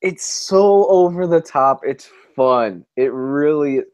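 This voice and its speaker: A man co-hosting a casual movie chat, enthusiastic and quick to laugh. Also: fairly high pitch, lively intonation, darkish tone. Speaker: podcast co-host.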